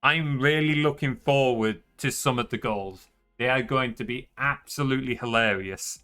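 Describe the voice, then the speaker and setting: A man's voice: mid-range voice, normal speed, pushed and bright, clear, resonant tone. A young man with a Yorkshire accent, chatting casually as a streamer, laid-back and swearing freely. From northern England. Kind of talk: casual chat.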